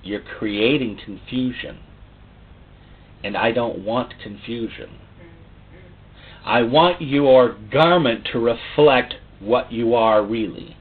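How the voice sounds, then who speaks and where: A man's voice: mid-range voice, slow pace, pauses often, slightly rough. A preacher voicing God as a stern, patient male speaker. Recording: tinny phone-like sound.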